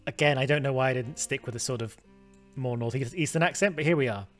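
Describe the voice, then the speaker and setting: Guy muttering through a mystery game, mid pitch, stops and restarts a lot. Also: fast talker, faint music behind. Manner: thinking aloud, trailing off and restarting. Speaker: gaming video host. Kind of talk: let's play commentary.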